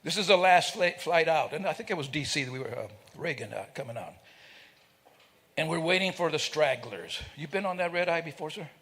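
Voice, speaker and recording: A man's voice: a little high, expressive, a little fast, a bit bright, breathy edge. An older man telling a funny story to a live audience, joking and teasing people in the crowd. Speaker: speaker at a celebration. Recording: reverberant hall.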